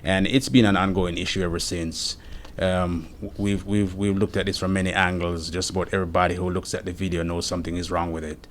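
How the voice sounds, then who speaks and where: A man with a notably low, deep voice gives testimony. His account is steady and earnest, and he recounts what happened in order. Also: a little fast, a little hiss or hum. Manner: earnest, steady retelling with frequent quoted dialogue. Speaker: interviewee giving testimony. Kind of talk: first-person account of an incident.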